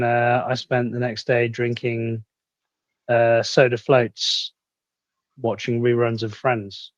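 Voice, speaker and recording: A British man in a casual live chat, telling a rambling story with halting restarts. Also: mid-range voice, no room sound, muffled recording. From Britain.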